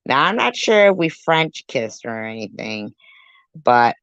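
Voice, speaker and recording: A woman's voice: very deep voice, sing-song, a little slow, clean tone, dry recording. A woman hosting a commentary channel, mocking and sarcastic as she reacts to clips, swearing freely. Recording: dull lo-fi dry sound.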